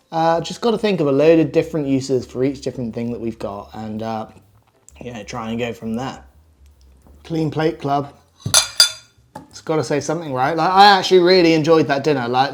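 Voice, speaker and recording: A man chats to camera in an easygoing vlog, musing out loud as he goes. His voice sits at a middling pitch, with faint music playing underneath. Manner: chatty, thinking out loud. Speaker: vlogger. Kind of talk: casual vlog chat.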